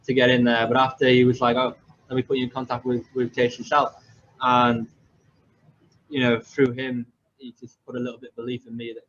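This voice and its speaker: A man's voice: medium pitch, completely flat delivery, fairly quick, fairly bright tone. Rambling young English man, lo-fi. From England. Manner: rambling, self-deprecating, many fillers and restarts. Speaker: podcast host. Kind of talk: casual storytelling. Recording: slightly dull lo-fi audio with faint background noise.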